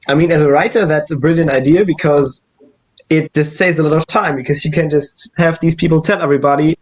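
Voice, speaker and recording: A man as a guest in a casual book discussion, explaining his view in a measured way. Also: fairly high pitch, poor audio.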